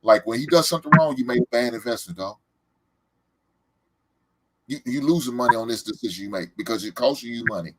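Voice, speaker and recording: Husky-voiced laid-back man host. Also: medium pitch, fairly quick, pauses often, fairly bright tone, no echo, low-quality recording. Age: 40s. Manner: laid-back, repetitive storytelling with many fillers. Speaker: podcast host. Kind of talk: casual chat.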